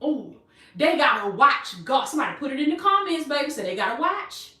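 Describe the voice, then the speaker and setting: A woman's voice: high-pitched, big pitch swings, a little fast, sharp tone, roomy sound, recorded from a distance. A woman preaching a motivational sermon, repeating her phrases and calling listeners baby.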